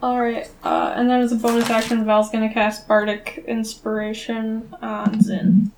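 A woman playing a tabletop role-playing game, speaking softly and haltingly as she describes her character's moves. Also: fairly high pitch, monotone, a little hiss or hum. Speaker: player. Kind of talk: casual tabletop play.

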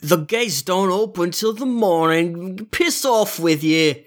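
A woman's voice: on the low side, expressive, slow. A woman playing a tabletop game, describing her character's actions. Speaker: player. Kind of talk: casual tabletop game play.

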